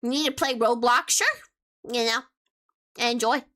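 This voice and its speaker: A woman's voice: fairly high pitch, fairly even intonation, unhurried, pushed and bright. A woman streamer with a childlike, youthful-sounding voice, chatting casually and playfully as she reads and answers her chat. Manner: playful and chatty, with teasing asides.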